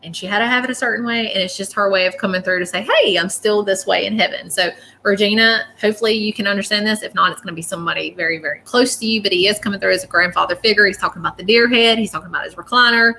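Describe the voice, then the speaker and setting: A woman's voice: mid-range voice, racing, sharp tone, slight background noise. A woman gives a live-stream psychic reading, chatty and often checking in with "okay?". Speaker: psychic medium.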